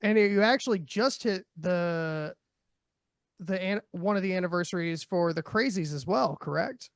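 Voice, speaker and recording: A man hosting a casual podcast interview, chatty and quick to laugh, with loose, filler-heavy phrasing. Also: high voice, expressive, no echo, studio quality. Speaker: podcast host.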